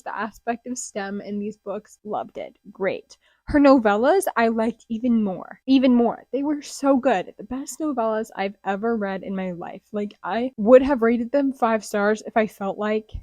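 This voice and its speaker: A young woman chatting casually about books she read, gushing and dropping into excited whispers. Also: mid-range voice, dry recording. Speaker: booktuber. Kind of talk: casual book review vlog. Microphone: close desk mic.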